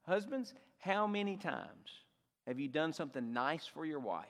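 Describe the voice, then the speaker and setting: A man's voice: on the high side, sing-song, unhurried, long reverb tail. A male pastor preaching a sermon, rising and dropping his voice for emphasis.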